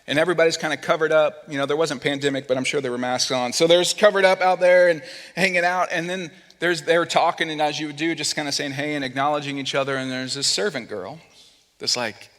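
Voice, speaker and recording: In a church sanctuary, a pastor whose voice sits a little high for a man preaches at a quick pace with a steady tone. He tells the story with life, doing the voices of its characters, then goes low and quiet when the point turns serious, while a long hall reverb trails each word.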